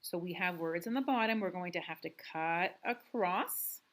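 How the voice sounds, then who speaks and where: A woman teacher reading a worksheet aloud to young students, drawing out words and talking patiently. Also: lowish voice. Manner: slow, deliberate reading with drawn-out words; patient, encouraging classroom tone. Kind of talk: recorded remote lesson for young students.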